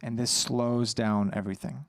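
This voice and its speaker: A man answering questions as an anxiety coach on a live Q&A, a little on edge, calmly guiding listeners through a breathing exercise. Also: medium pitch, moderate pace, vocal fry. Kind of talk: live Q&A advice.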